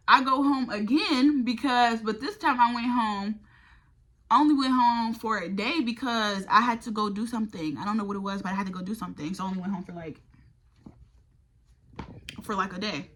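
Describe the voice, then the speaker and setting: A woman's voice: fairly high pitch, moderate pace, long pauses, a bit bright. A young woman vlogger telling a college storytime in a casual, profane, exasperated way. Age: young adult. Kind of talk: storytime vlog.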